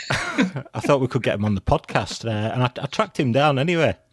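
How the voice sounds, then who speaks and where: A man's voice: mid-range voice, big pitch swings, normal speed, dry recording. A man co-hosting a podcast, chatting casually in a dry, rambling way and laughing at his own jokes. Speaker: podcast co-host. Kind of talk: casual chat.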